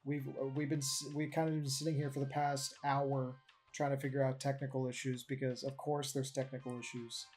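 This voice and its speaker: A podcast host chatting casually with a guest, loose and profane and quick to laugh. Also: medium pitch, flat delivery, darkish tone, soft background music. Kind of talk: casual chat.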